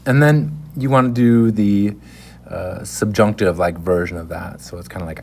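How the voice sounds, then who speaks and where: A man's voice: lowish voice, moderate pace, gravelly, slight background noise. A man giving a casual, rambling spoken language lesson, correcting himself often as he goes. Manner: relaxed and rambling, with many fillers and self-corrections. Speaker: language teacher.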